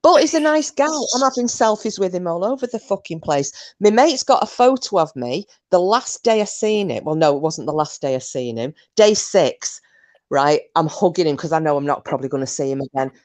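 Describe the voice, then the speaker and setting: A woman co-hosting a casual chat, telling a story with animated delivery and plenty of swearing. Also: fairly low pitch, fairly quick, no room sound. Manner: animated, swearing, shrieking when acting out herself. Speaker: co-host.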